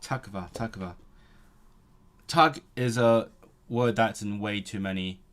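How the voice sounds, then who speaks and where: A man's voice: on the low side, unhurried, clean tone. Man thinking aloud while studying languages. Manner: musing, self-correcting, free-associating between languages. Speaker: language learner vlogger.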